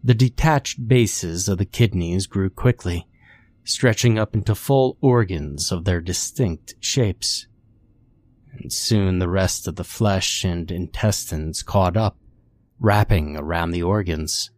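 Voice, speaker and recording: A man calmly reading a horror story as its narrator, in a measured, steady delivery. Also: low-pitched.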